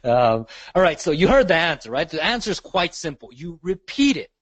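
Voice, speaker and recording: A man whose voice is a little high, with big pitch swings, a fairly quick pace and a fairly bright tone, leads a live real estate marketing training call with no room sound. He talks conversationally, repeats questions, and keeps asking "right?" and "okay?" after nearly every point.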